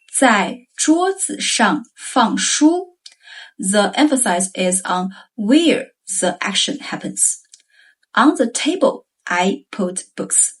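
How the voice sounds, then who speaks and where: A woman teaching Chinese grammar in a scripted lesson, reading example sentences slowly and carefully. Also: medium pitch, slightly rough.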